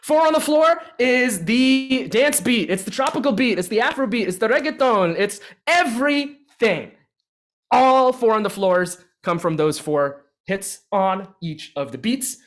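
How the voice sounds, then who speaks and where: A man leading a beatboxing workshop in a casual, energetic teaching style, full of fillers and restarts, speaking into his own microphone. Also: extremely high pitch, a little slow. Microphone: own microphone with adjustable gain.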